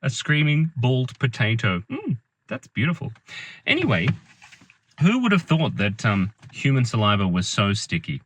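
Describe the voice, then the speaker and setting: A man's voice: medium pitch, wildly swooping pitch, moderate pace, slight background noise. A man in his thirties, chatting in a playful, rambling, giggly way from a parked car, recorded without a proper microphone. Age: 30s. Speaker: vlogger. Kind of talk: rambling comic vlog chat. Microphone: built-in camera mic, no microphone.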